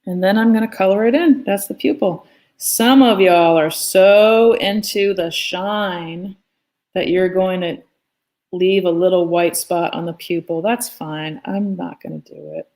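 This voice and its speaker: A woman's voice: fairly low pitch, a little slow, darkish tone. A woman teaching a live online drawing lesson in a chatty, playful way, talking as she draws. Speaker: art teacher. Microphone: phone.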